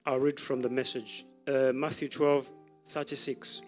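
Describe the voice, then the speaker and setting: A man preaching a sermon, telling a story with pauses and restarts. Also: medium pitch, little pitch movement, faint music behind. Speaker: pastor.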